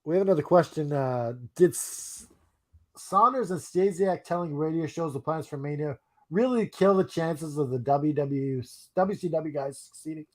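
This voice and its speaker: A man hosting a podcast, reading out a listener question in a plain, halting way. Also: on the high side, darkish tone. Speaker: podcast host.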